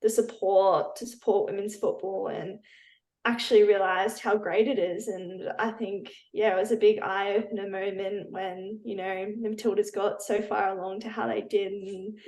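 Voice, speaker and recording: A woman's voice: medium pitch, steady tone, normal speed, darkish tone, low-quality recording. Chatty young woman. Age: young adult. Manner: chatty and upbeat, with many "yeah"s and "and I think"s. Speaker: football player. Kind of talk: casual interview answers. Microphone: video call.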